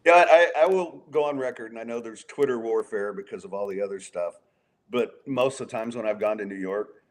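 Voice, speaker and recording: A man's voice: lowish voice, fairly quick. Guy hosting a sports podcast, easygoing, chatty, tosses questions to his guest. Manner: conversational, asks open questions. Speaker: podcast host. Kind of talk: casual sports chat.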